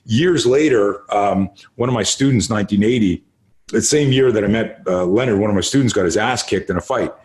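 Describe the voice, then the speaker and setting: A man in his late fifties, a martial arts instructor telling stories as a podcast guest in an animated, emphatic way, with plenty of swearing. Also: on the low side. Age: late 50s. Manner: animated, emphatic storyteller who swears freely. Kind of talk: casual storytelling interview.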